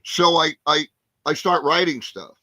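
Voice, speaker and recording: Rambling older comedian from New Jersey. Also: male voice, fairly high pitch, a little slow, sharp tone, no echo. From New Jersey, USA. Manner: rambling, full of fillers, acts out quotes. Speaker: guest comedian. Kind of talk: storytelling in a podcast interview.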